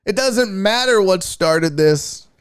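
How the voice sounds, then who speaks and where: A man with a fairly high voice hosts a sports show and breaks down a clip. His talk is chatty and profane, with pitch that jumps all over. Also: expressive, slow, smooth. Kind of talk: casual video breakdown commentary.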